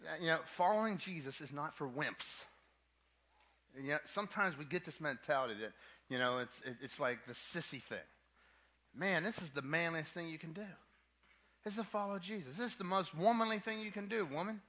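A man's voice: a little high, animated, fairly quick, bright, forceful tone. A man preaching a sermon to a young adult ministry, emphatic, with casual asides, and repeating his key points twice.

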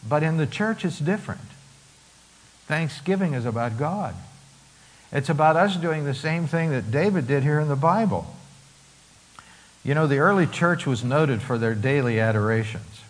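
A middle-aged male pastor preaching a sermon, who now and then slows into singing a hymn with the congregation. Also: fairly high pitch, lively intonation, low-quality recording. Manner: unhurried preaching, breaks into slow hymn singing.

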